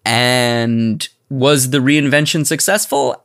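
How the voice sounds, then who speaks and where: A man co-hosting a podcast, talking in a casual, animated and rambling way with lots of restarts. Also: medium pitch, normal speed. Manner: animated, rambling with restarts, slips into mock voices. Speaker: podcast co-host. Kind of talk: casual chat.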